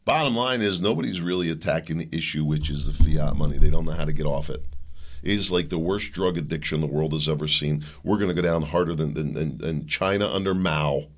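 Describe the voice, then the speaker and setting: Deep, gravelly-voiced man ranting on a podcast. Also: fairly quick. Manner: rambling, animated, mocks opponents in put-on voices. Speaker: podcast host. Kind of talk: opinion podcast monologue.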